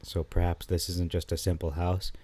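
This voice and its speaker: Man, low warm voice, casual study-style commentary, halting delivery. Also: little pitch movement, husky. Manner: thinking aloud, halting with frequent fillers and restarts. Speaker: scripture commentator.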